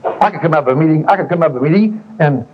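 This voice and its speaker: A man preaching and telling a story in a conversational way, often repeating himself and clearing his throat. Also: fairly high pitch, animated, rapid-fire, highs cut off, slight background noise. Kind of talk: sermon storytelling.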